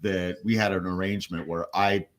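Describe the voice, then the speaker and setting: In a casual radio studio chat, a male guest with a deep, flat voice speaks briskly, telling rambling stories about recording music and swearing offhandedly.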